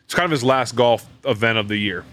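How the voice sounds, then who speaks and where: A man hosting a podcast recorded at a brewery, telling a story in casual chat, animated and full of fillers and restarts. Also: mid-range voice, a little fast, soft background music. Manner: animated, acts out quoted voices, many fillers and restarts. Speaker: podcast host.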